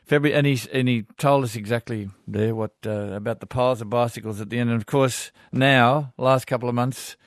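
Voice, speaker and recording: An Australian man hosting a casual radio show, chatting relaxed and reading listener letters. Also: mid-range voice, brisk, hardly any pauses, no echo, clean studio sound. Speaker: radio host. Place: radio studio.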